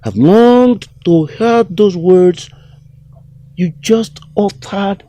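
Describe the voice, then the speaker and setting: A man's voice: high-pitched, dark tone, full character voice. An actor with a Nigerian accent playing a solemn royal elder who speaks to a young prince as his son, in a film drama. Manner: slow, grave, husky. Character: solemn older royal elder, a father figure.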